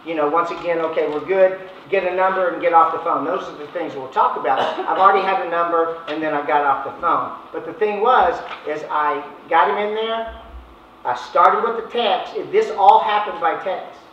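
A man's voice: a little high, normal speed, fairly bright tone, a little hiss or hum. Folksy male sales trainer, casual delivery, dull lo-fi room sound. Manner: folksy, conversational, acts out phone chats. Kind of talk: informal training talk. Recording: echoey, distant, dull room recording.

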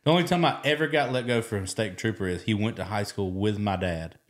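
A man's voice: lowish voice, fairly quick. A man hosting a casual podcast chat, joking, laughing often and acting out the people he talks about. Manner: joking, laughs often, acts out quoted voices. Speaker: podcast host.

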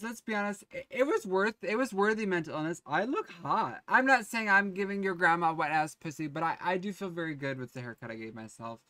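A young man with a slightly high voice films himself at home, talking straight into the camera. He is candid and foul-mouthed, and he jokes at his own expense. He swings from loud outbursts to quiet murmurs. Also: no echo. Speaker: vlogger and streamer. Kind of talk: casual confessional vlog.

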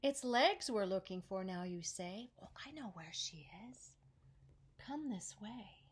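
A woman's voice: medium pitch, a little slow, close to an everyday voice. A woman voicing an eager but muddled butterfly who talks in a coaxing, chirpy way. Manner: coaxing, chirpy, sometimes whispered.

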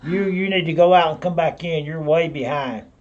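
A man's voice: on the high side, normal speed, dull audio. A man with a Southern US accent running a live online auction, rambling in a folksy way and calling viewers by name. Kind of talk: live-stream auction patter.

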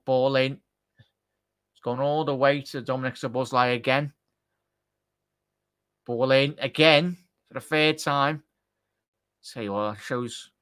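Excitable man hosting a football watchalong. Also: medium pitch, clear, resonant tone. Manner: excitable, chatty, addresses chat directly. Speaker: watchalong host. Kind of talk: live football watchalong commentary.

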